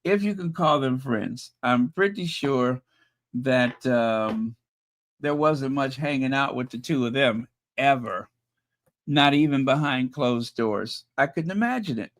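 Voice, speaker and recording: At a measured pace and medium pitch, an animated man runs a live stream covering royal news on YouTube. He reads out reports and comments from viewers, then offers sarcastic asides in a chatty manner, with fillers and self-corrections.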